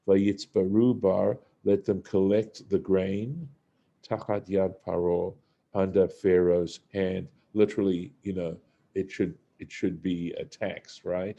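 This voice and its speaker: A man with a low, very dark and mellow voice leads a Torah study. He talks slowly and works through the text phrase by phrase, reading the Hebrew and then giving its meaning. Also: dull audio. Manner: unhurried, reads Hebrew and translates phrase by phrase. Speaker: Torah teacher. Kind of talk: verse-by-verse study lesson.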